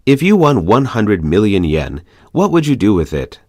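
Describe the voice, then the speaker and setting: A man reading English practice questions one by one for a language course, measured and clear. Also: on the low side, sing-song, darkish tone, dry recording, clean studio sound.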